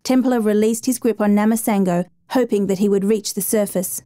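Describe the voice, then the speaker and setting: A woman reading a dramatic true story as a steady, measured narrator. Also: mid-range voice, no room sound.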